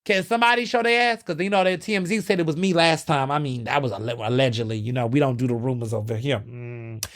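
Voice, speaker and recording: A young man hosting his own podcast, chatting casually and dramatically, with sudden jumps up in pitch. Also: fast talker. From United States. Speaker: podcast host. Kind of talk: casual solo commentary.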